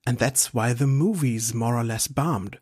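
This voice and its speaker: A man's voice: mid-range voice, unhurried, darkish tone, slightly rough. German guy hosting a podcast in english, laid back, dry little jokes. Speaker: podcast host. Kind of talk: casual interview chat.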